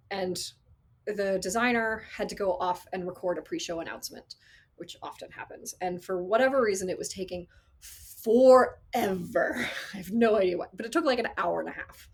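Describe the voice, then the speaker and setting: A woman working as an associate sound designer, telling stories in a casual interview, animated and acting out quotes with frequent laughs. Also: mid-range voice, husky. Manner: animated storyteller, acts out quotes, laughs often.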